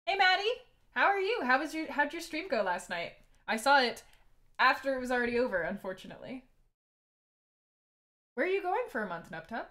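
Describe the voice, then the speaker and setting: A woman's voice: high-pitched, very animated, fairly quick, long pauses, bright, forceful tone. A young woman streaming a video game, bubbly and giggly, thanking her chat. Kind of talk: live game stream commentary.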